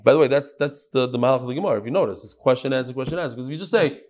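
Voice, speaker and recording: A man teaching a daily Talmud class in an animated way, quizzing his students and mixing Hebrew and Aramaic terms into his English. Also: medium pitch, racing.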